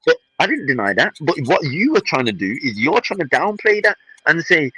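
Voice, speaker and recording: A man with a husky voice, a podcast co-host arguing indignantly in heated football banter and mocking his rival's words. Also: a little high, huge pitch swings, fairly quick, pushed and bright, low-quality recording. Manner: indignant, exasperated, mocking quotes.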